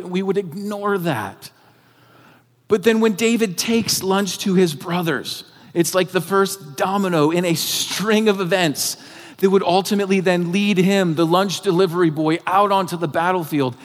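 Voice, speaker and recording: A man with a high voice preaches to his congregation in an earnest, conversational way, often padding his phrases with "like". His words ring out with a long reverb in a church sanctuary. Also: moderate pace. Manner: conversational, earnest, many filler "like"s. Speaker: pastor. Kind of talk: sermon.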